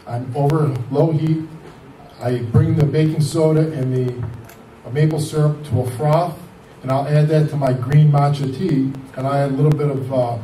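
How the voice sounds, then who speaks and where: Man in his 50s, rambling personal storyteller, mellow tone, distant mic in a roomy space. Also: medium pitch, a little hiss or hum. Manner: rambling, animated retelling with quoted dialogue. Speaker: cancer survivor telling his story. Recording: echoey room, voice from far off.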